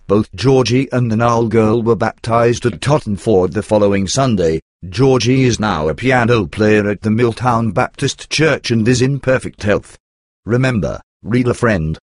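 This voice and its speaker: Low-voiced man reading a religious testimony. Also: dry recording, studio quality. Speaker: reader. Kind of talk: scripted narration of a religious testimony.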